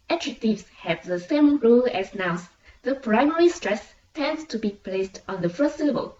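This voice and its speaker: A young woman from Vietnam, a student, giving a clear, even, instructive class presentation. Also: a little high, moderate pace. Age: young adult. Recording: dull, roomy, distant mic.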